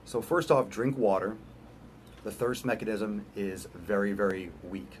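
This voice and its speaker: A man's voice: fairly low pitch, slight background noise. A man coaching on fitness in a casual, emphatic talk, repeating his points and asking the listener questions. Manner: emphatic, repeats phrases, acts out quick voices.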